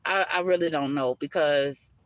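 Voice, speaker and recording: In a low-pitched voice at normal speed, a tarot reader gives a live spiritual reading, calling the listener baby and honey. She's emphatic and repetitive, talking loosely and interrupting herself. There's no echo.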